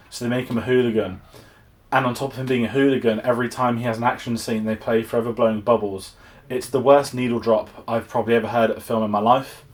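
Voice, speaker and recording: A young English man giving a casual, exasperated film review, rambling with frequent restarts. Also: medium pitch. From England.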